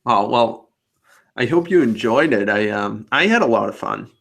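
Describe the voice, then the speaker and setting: Man, podcast host on a video call, rambling casual talker with a gravelly voice. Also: medium pitch, lively intonation, moderate pace, fairly bright tone. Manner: rambling, talkative.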